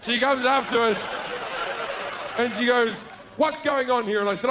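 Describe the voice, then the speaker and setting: This Australian stand-up comic speaks in a bright, forceful, high-pitched voice at a fairly quick clip. He acts out the people in his crude, profane story, captured in a noisy, dull, lo-fi live recording.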